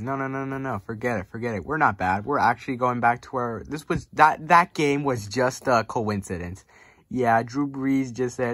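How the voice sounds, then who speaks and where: Excitable man reacting to his team. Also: mid-range voice, normal speed, no room sound, studio quality. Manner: excitable, swings between cheering and panicked repetition. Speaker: YouTuber. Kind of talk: casual reaction commentary.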